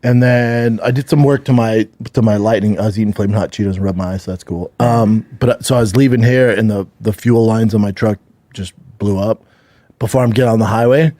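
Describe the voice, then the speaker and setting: A man in his thirties from Denver, casually telling a long rambling story as a podcast host, with a husky voice and loose profane manner. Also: lowish voice, steady tone, brisk, mellow, no room sound. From Denver, USA.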